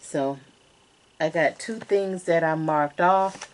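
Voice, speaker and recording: A woman's voice: sits low, slow pace, a little hiss or hum. A woman, co-hosting a casual chat about toy collecting, talking in a candid, self-deprecating way.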